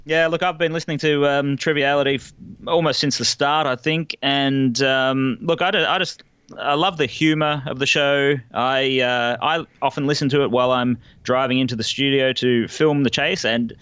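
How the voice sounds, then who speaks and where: Smooth-voiced Australian man, dry and close. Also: mid-range voice, steady tone, moderate pace, a bit bright, no echo, dull audio. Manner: hesitant, laughing, full of fillers. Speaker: guest quizmaster. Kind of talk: casual podcast quiz hosting.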